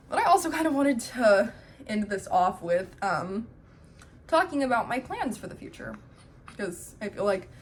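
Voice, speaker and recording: A young woman vlogging at home, talking openly and thoughtfully with lots of casual fillers. Her voice sits at an ordinary middle pitch, and a faint hum of noise runs under the recording. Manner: candid, reflective, many "um" and "like" fillers. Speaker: family vlogger. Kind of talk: casual talk to camera. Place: home, with a baby in her arms.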